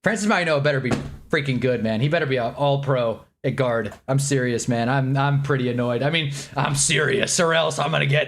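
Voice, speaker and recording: A man's voice: medium pitch, moderate pace. A man reacting live on a stream, rambling and annoyed, joking and talking while he eats.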